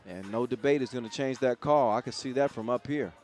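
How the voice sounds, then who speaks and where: A man's voice: medium pitch, fairly quick, a little mellow, soft background music. A man giving live play-by-play commentary at an outdoor event, chatty and joking between plays. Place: outdoor event in a city square.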